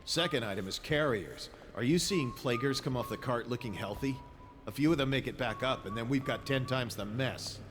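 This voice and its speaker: An actor playing a matter-of-fact guard officer giving brisk orders. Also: male voice, mid-range voice, lightly acted. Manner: brisk, businesslike. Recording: game audio with ambient noise.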